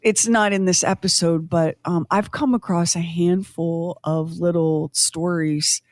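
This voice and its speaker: A woman's voice: fairly low pitch, fairly even intonation, a little slow, darkish tone, no room sound. A woman in her fifties hosting a podcast, chatting casually with tangents and self-deprecating humor. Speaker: podcast host.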